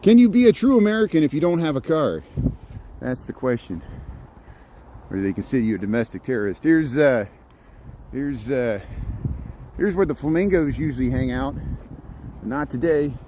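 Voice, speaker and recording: A man's voice: mid-range voice, expressive, normal speed, pauses often. Midwestern guy in his middle years, rambling and chuckling on a phone stream outside in the snow, light street hum. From rural Indiana. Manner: rambling, chatty, chuckles often. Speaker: live streamer. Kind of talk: casual live-stream walking tour. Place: outdoors in a snowy city park.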